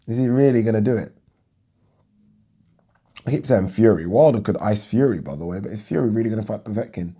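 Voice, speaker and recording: A man's voice: medium pitch, normal speed, long pauses, dark tone, slightly rough. A young man giving a rambling, casual reaction to a boxing fight as a vlogger, thinking aloud and restarting his sentences.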